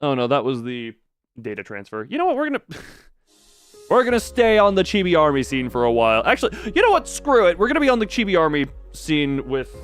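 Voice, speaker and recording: A man chatting casually to his live-stream audience, animated and quick to laugh. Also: a little high. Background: faint background music.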